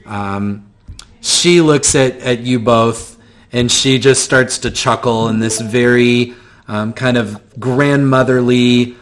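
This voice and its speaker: A man narrates a tabletop game as game master at a slow pace. He pauses often with ums. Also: mid-range voice, fairly even intonation. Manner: hesitant, many ums.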